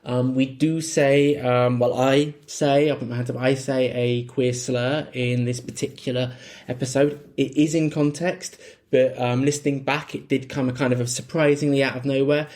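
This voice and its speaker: A man's voice: mid-range voice, level tone, moderate pace, darkish tone. A man hosting a podcast, talking through an intro in a chatty, apologetic way with frequent ums. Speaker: podcast host.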